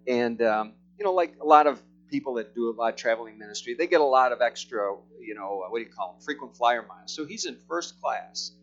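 A middle-aged man, a pastor, tells a story in a church sermon, rambling and halting with many restarts. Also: medium pitch, animated. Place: church service. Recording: slightly muffled with soft guitar.

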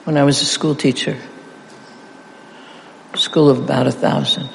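A man's voice: medium pitch, little pitch movement, unhurried, vocal fry, a little hiss or hum. A middle-aged man preaching an interactive sermon, playfully leading his audience through call-and-response repetitions. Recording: echoey hall with faint ambience.

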